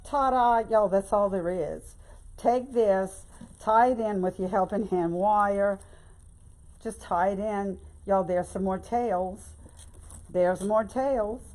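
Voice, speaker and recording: A woman's voice: medium pitch, slow pace, a little mellow. A woman giving a chatty, folksy live-stream tutorial on making bows, often calling viewers "y'all" and "babe". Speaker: bow-making instructor.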